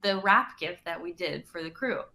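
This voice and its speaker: A woman's voice: fairly low pitch, expressive, normal speed, pushed and bright. A woman, an actress, chatting playfully in an interview and laughing often between remarks. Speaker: actress promoting a film. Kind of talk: casual playful chat.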